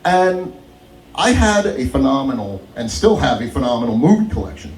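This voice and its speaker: A man's voice: mid-range voice, moderate pace. A young adult man doing stand-up at an open mic, telling stories and laughing through them. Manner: animated, laughs through his own stories. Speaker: stand-up comedian. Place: comedy club stage. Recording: roomy club sound, mic at a distance.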